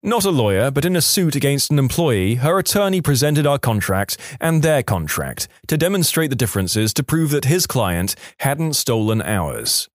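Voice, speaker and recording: A man's voice: mid-range voice, sing-song, normal speed, hardly any pauses, no echo, clean studio sound. A man narrating online stories as the host of a story channel, with wry asides. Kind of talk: reading reddit stories aloud.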